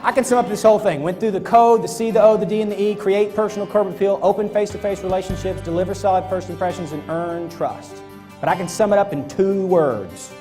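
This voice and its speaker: A man's voice: high voice, fast talker, faint music behind. A man giving a motivational talk on stage before a live audience, acting out little scenes as he goes. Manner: animated, acts out little scenes. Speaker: motivational speaker.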